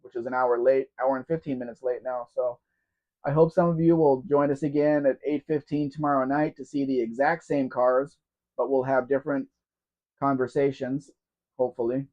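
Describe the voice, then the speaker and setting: Male stream host with a sore throat, casual and rambling, reads out viewer comments, muffled lo-fi sound. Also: mid-range voice. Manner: chatty and rambling, addressing viewers by name. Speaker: live Q&A host. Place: at home in a room. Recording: dull lo-fi stream audio.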